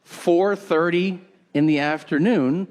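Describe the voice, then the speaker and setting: A man's voice: fairly high pitch, takes it slowly. A man doing stand-up, telling an odd story in a chatty way and talking to the crowd. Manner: animated, conversational with the crowd. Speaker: stand-up comedian.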